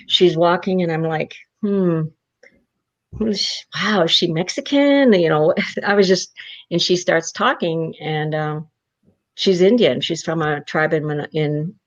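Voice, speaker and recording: A woman's voice: low voice, dull audio. A woman guest in an interview, telling a personal story with strong feeling and acting out her own past words.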